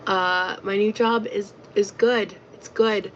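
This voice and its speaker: A woman's voice: mid-range voice, fairly even intonation, takes it slowly. A tired woman chatting on a livestream, rambling and hesitant with many fillers. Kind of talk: casual livestream chat. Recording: dull lo-fi stream audio with faint noise.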